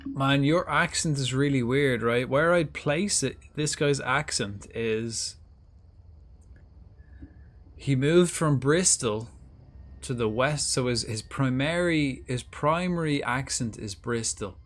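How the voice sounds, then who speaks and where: A man's voice: medium pitch, slow. Rambling, chatty male streamer. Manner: rambling, chatty, thinks aloud with restarts. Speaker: livestreamer playing a game. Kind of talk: casual gameplay commentary.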